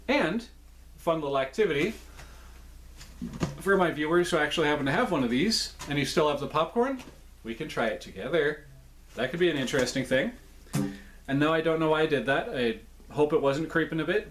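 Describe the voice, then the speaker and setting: A man's voice: fairly high pitch, slight background noise. A man reviewing snacks in a casual, chatty way, with playful jokes and asides.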